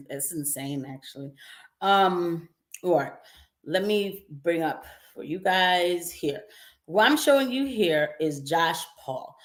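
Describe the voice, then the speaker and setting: A young woman talks through the news on a casual live stream. She is emphatic and laughs often, and her pitch swings widely as she reacts. Now and then she acts out the voices of the people she quotes. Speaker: host commenting on the news.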